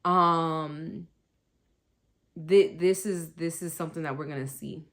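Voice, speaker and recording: A spiritual wellness podcast host speaks slowly in a low voice with fairly even intonation. She is chatty and rambling, laughs often, and calls her listeners y'all.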